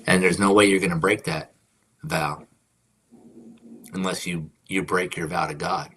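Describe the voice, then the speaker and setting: Stream host, deep low male voice, casual spiritual talk with quiet whispered prayers, slight background noise. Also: fairly even intonation, measured pace. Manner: reflective, drifts into soft whispered affirmations.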